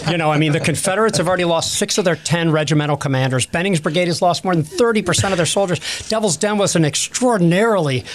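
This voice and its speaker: Slightly high-voiced man, guest expert, rambling and self-correcting. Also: quick pace, few pauses. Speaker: guest historian. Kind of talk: casual expert Q&A.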